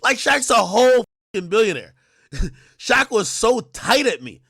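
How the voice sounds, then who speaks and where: A young man telling a story in an animated rant, slangy and swearing. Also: very high-pitched, a little slow, creaky, slightly rough, no echo, clean studio sound. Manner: slangy, swearing, jumps between whispers and shouts. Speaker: streamer in a played clip.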